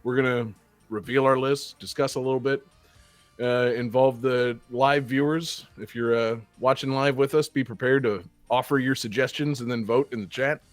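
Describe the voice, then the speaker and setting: A man's voice: medium pitch, fairly even intonation, normal speed, no echo, faint music behind. A young man hosting a casual gaming podcast, upbeat and rambling with lots of fillers, on a studio mic. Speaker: podcast host. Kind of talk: casual chat.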